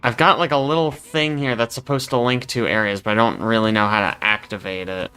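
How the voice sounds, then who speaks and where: A man narrating as game master of a tabletop game, often pausing with fillers. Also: mid-range voice, smooth, faint music behind. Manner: bright, lively, often hesitant with fillers.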